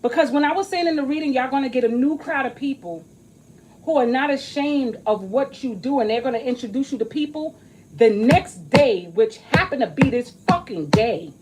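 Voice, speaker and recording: A woman's voice: sits high, expressive, normal speed, background noise. A woman talking straight to camera in a casual vlog about an astrology reading, swearing often, emphatic and joking as she rambles.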